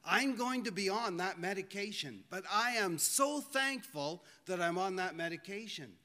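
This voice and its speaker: A man preaches to a congregation in an earnest, pleading voice, drawing out key words. His voice sits high and sounds bright and forceful. The sound rings with the long reverb of a church hall. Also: lively intonation. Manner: earnest, pleading, slows for emphasis. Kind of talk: sermon.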